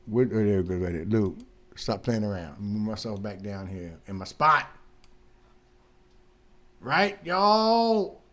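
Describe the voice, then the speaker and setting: A man's voice: lowish voice, expressive, takes it slowly, long pauses, fairly bright tone. A man hosting a radio show in loose, rambling casual chat, laughing often. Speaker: radio host.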